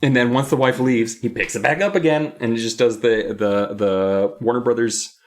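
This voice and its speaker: A man's voice: medium pitch, moderate pace. A man co-hosting a podcast, recapping a book episode in a playful, rambling way. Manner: playful, rambling, often laughing. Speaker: podcast co-host.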